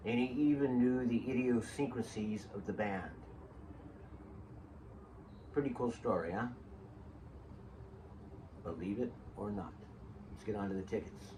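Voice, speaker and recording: A man hosting his own show, telling rambling stories in a casual, digressive way with joking asides to his listeners. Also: medium pitch. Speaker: show host. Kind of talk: casual rambling storytelling monologue. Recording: distant mic with faint background hiss.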